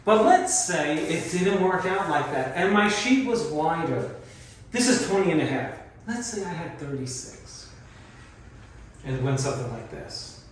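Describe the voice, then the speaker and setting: A man's voice: on the high side, sing-song, measured pace, slight background noise. A man teaching beginners how to hang wallpaper, patiently explaining each step and repeating key points as he demonstrates on a wall. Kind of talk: hands-on instructional demonstration. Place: indoor room being wallpapered. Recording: very echoey room, voice from far off, faint ambience.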